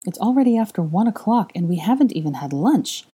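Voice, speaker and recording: A woman reads a young witch and new mother, earnest and a little weary. Her voice is husky and mellow as she explains things patiently, in a storybook reading. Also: medium pitch, big pitch swings, a little fast.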